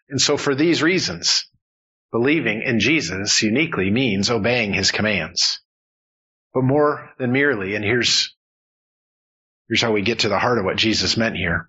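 A man's voice: mid-range voice, bright, forceful tone, slightly rough, muffled recording. A man preaching an earnest, emphatic sermon as pastor, building points through repetition.

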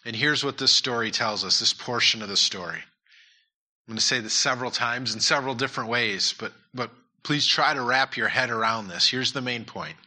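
A man's voice: medium pitch, moderate pace, sharp tone. A man preaching a sermon and leading prayer in a church, earnest and repeating his key points. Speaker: pastor.

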